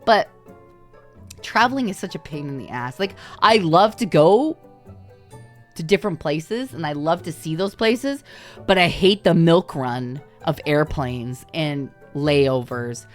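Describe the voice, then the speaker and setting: A woman streamer from Canada chatting casually on a livestream, her voice sitting fairly low. She tells stories in an animated way, laughs a lot and swears freely. Faint music plays behind her. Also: measured pace. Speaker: VTuber streamer.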